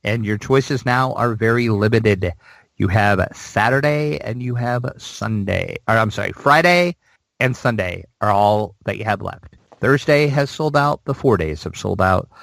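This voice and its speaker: A man's voice: on the low side, lively intonation, a little slow, creaky, fairly bright tone, no room sound, rough recording. A man co-hosting a gaming news podcast, chatting casually and rambling with plenty of fillers. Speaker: podcast co-host.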